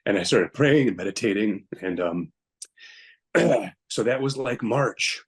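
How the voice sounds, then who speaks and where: A young man with a very low voice, guesting on a podcast, recounts a hard personal story at an unhurried pace with lively intonation. He's blunt and emphatic, often acting out what he said back then.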